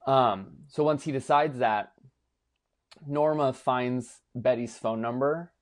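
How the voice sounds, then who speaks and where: A young man co-hosting a podcast, gushing and animated as he recaps a show, swearing casually. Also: medium pitch, takes it slowly. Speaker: podcast co-host. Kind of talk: casual chat.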